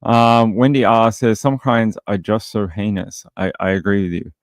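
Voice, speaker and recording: A low-voiced Australian man hosts a true crime stream in a casual, chatty way, reading viewer comments and answering them bluntly. His voice is recorded close and dry, with no room sound. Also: level tone, normal speed, no room sound. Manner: blunt and opinionated, with many fillers. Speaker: true crime livestream host.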